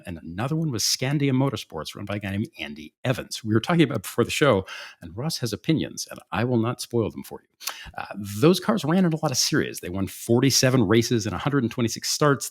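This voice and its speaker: Lively, jokey male podcast host. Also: fairly low pitch. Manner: animated, jokey, sarcastic asides. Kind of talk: comedic storytelling monologue.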